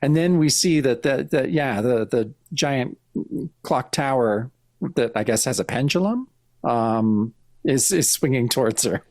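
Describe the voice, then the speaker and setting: A podcast co-host chatting through a comic, describing each panel in turn with plenty of restarts and fillers. The voice sits at a middling pitch, recorded dry and close with no room echo. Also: animated, unhurried, a little mellow. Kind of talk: casual chat walking through a comic.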